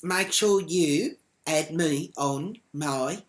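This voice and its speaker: A woman's voice: sits low, extremely slow. A woman ranting to camera in a brash, foul-mouthed comic character. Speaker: comedy vlogger in character.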